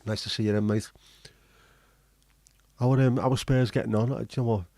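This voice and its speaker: A man's voice: mid-range voice, steady tone, brisk, mellow, no echo. A man hosting a livestream, chatting casually, joking and swearing as he reads viewer comments. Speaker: livestream host.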